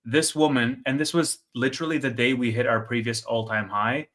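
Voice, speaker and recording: A young man co-hosting a casual market livestream, his voice bright and forward. He tells stories with animated energy, jumping into quoted dialogue and quick asides. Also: medium pitch. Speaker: co-host of a stock market stream.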